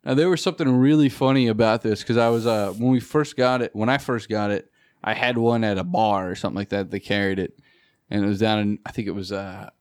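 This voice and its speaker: A man's voice: lowish voice, fairly even intonation, fast talker, a little mellow, no echo, clean studio sound. A man hosting a casual podcast chat, rambling and laughing often as he explains things.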